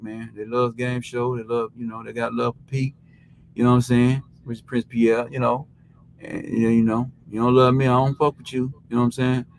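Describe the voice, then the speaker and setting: A man's voice: medium pitch, rough recording. A man hosting a live sports recap show, talking in a loose, rambling, heavily profane way with constant filler tags. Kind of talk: casual live-stream rant.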